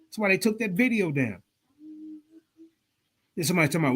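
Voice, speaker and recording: High-voiced man ranting, profane and heated. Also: sing-song. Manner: profane, confrontational, fast-talking. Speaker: show host. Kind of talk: heated livestream rant.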